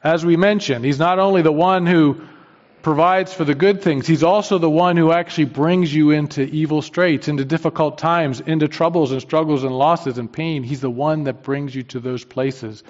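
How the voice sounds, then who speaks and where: A man preaching a sermon, swinging from quiet low lines to emphatic, rising peaks. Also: steady tone, moderate pace, dull audio.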